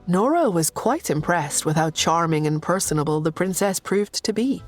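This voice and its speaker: A woman reading a story aloud as narrator in a steady, measured way. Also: fairly low pitch, soft background music. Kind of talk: scripted narration.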